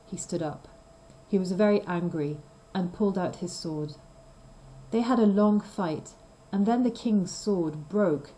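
A woman reading a simple story aloud for language learners, slow and clear. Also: lowish voice, a little mellow, low-quality recording. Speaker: reader of a graded story. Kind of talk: scripted storybook narration for learners.

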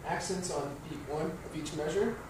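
A man's voice: fairly high pitch, normal speed, noisy background. A man teaching piano, explaining rhythm patiently and counting beats aloud. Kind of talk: instructional music lesson. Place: piano studio. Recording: roomy studio, distant mic, piano playing.

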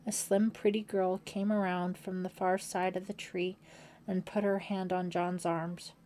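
A woman narrating a thriller audiobook in a steady, suspenseful storytelling manner. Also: fairly low pitch, unhurried.

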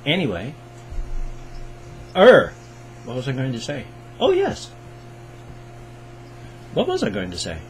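A man's voice: medium pitch, wildly swooping pitch, moderate pace, pauses often, a little hiss or hum, poor audio. An older American man hosting his reaction video, rambling in a folksy, self-deprecating, chatty way. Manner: folksy, self-deprecating, talkative, mock-sing-song bits. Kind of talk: rambling casual vlog intro.

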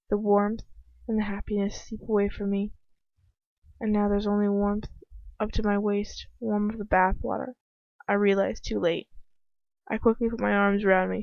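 A woman reads a first-person story aloud in an amateur, casual way, sometimes stopping to remark on the text. Her voice sits at mid pitch. The recording is dry and slightly muffled. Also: no room sound. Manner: casual, breaks off to comment and laugh. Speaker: fanfiction reader.

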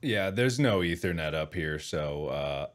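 A man's voice: rumbling low, lively intonation, unhurried. A man co-hosting a podcast from his home office, bantering playfully with friends over a voice call. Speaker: podcast co-host. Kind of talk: casual chat. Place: home office, unfinished and loud.

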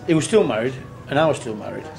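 Talking fast in a gravelly, darkish voice of medium pitch, this tribute band singer is expressive as he rambles through an earthy, casual anecdote. He curses freely and performs other people's lines himself, and there's plenty of on-location noise in the recording.

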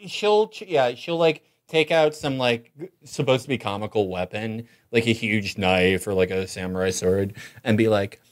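A man's voice: fairly low pitch, normal speed, few pauses. A man co-hosting a podcast, mocking a film in wry, casual chat. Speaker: podcast co-host.

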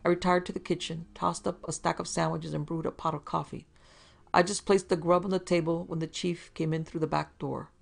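A woman's voice: fairly low pitch, flat delivery, brisk, gravelly. A woman narrating a hard-boiled detective story in a dry, wry first-person voice.

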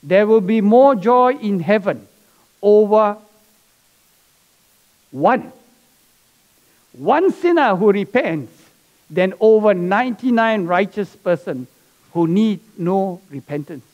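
Brief: male pastor, high-pitched voice, church sermon, story-led delivery. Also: lively intonation, takes it slowly, long pauses, muffled recording. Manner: preaching with asides and soft laughs. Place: church sanctuary.

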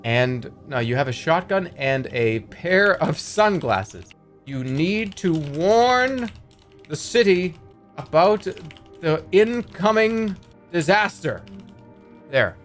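A man with a slightly raised pitch reads story text aloud from a game and breaks off into dry, joking asides laced with swearing. He talks in a loose, casual stream style. Faint music hums underneath. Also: very animated, slow pace. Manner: wry, joking, swears freely.

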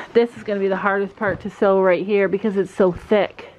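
A middle-aged woman chatting casually to camera in a family vlog, thinking out loud and turning bossy when she sets rules. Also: mid-range voice, fairly even intonation, moderate pace. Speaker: family vlogger. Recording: dull lo-fi camera audio with faint noise.

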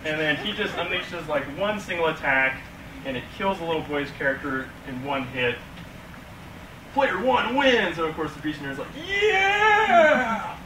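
A young man, an animation student, enthusiastically pitching a film story to a class and acting out its scenes, recorded from far off in an echoey, noisy classroom. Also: fairly quick. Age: young adult. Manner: enthusiastic, laughing, acts out scenes.

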